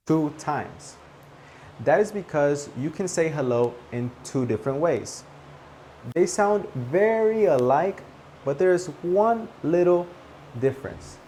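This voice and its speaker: Slow-talking male teacher. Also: on the high side, darkish tone, slight background noise, rough recording. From Latin America. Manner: slow, carefully over-articulated demonstrations. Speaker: English teacher. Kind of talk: pronunciation lesson to camera.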